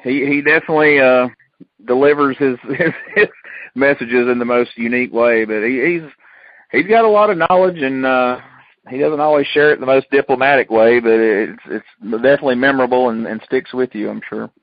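A man's voice: medium pitch, brisk, dry recording, highs cut off. Folksy man hosting a radio chat. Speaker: radio talk show host.

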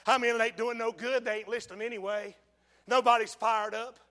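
A man preaching a fiery sermon in a large church, swinging from hushed pleading to shouting. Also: extremely high pitch, flat delivery, fairly quick. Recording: long church hall reverb.

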